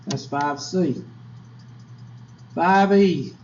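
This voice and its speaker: A man's voice: on the high side, extremely slow, a little mellow, a little hiss or hum. A man teaching statistics in a classroom lecture, folksy and chatty, quizzing his students with asides. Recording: echoey lo-fi classroom recording.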